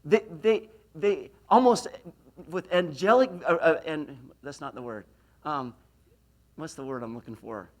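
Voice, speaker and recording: A middle-aged motivational speaker from Idaho, USA, gives a university lecture, sharing self-deprecating stories and tossing questions to the audience. His voice is fairly high and he speaks a little slowly.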